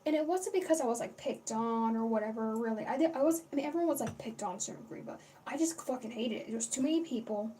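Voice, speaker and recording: A woman's voice: fairly high pitch, fast talker, few pauses, dark tone, recorded from a distance. Young woman livestreaming from home, rambly and sweary, sits back from the mic with faint noise behind her. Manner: rambling, chatty, swears freely, greets chat. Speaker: livestream host. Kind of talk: casual livestream chat.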